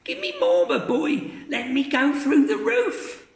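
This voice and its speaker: A man's voice: very animated, measured pace, vocal fry, reverberant, exaggerated voice. A man voicing a screechy, gleeful and bossy old grandmother in a storybook reading. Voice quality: screechy, very high.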